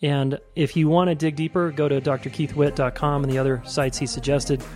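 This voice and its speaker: A man's voice: on the high side, flat delivery, brisk, darkish tone, soft background music. A man hosting a relationship podcast, talking casually and enthusiastically, affirming his guest. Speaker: podcast host. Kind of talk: interview and wrap-up narration.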